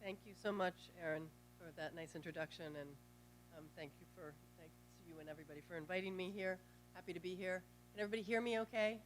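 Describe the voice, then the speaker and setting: A woman's voice: fairly low pitch, slight background noise. A woman professor opening her guest lecture with friendly thanks, moving about near the microphone. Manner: friendly, brisk. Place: lecture room. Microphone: microphone on a lectern.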